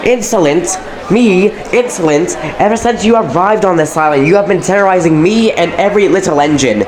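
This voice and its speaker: A man voicing a brash, cheeky little male tank engine who shouts insults. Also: high-pitched, expressive, moderate pace, a little hiss or hum, pitched above the performer's own voice, low-quality recording. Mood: furious.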